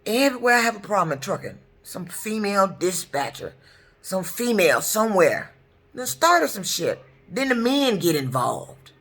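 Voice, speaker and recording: A woman's voice: medium pitch, very animated, normal speed, fairly bright tone, breathy edge. Heated ranting woman. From Detroit, US. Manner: heated, profane, repetitive ranting. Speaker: truck driver. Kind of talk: angry ranting vlog.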